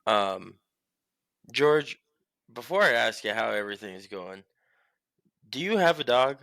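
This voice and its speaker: A young man co-hosting a casual sports podcast from home, telling stories in a rambling, profane, animated way. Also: medium pitch, unhurried, vocal fry, dry recording. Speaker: podcast co-host.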